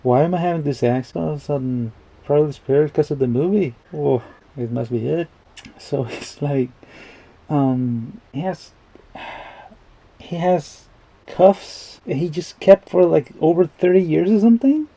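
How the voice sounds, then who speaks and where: This is a man riffing through a movie reaction in casual, rambling commentary. His voice is gravelly and a little husky, with a mellow, dark tone. He chuckles along and swears without a second thought. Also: fairly high pitch, unhurried, poor audio.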